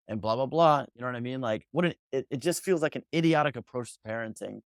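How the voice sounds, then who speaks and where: A man's voice: medium pitch, lively intonation, rapid-fire, few pauses, dry recording, clean studio sound. A young adult man in a casual podcast chat, telling a story animatedly with lots of swearing and restarts. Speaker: podcast guest.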